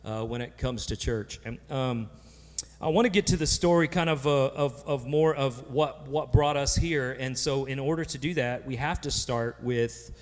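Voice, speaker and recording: A man's voice: mid-range voice, moderate pace. A man moderating a church panel, telling stories casually and joking, with many restarts. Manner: rambling, full of restarts and jokes. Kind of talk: casual storytelling on stage. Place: church sanctuary. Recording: long church hall reverb.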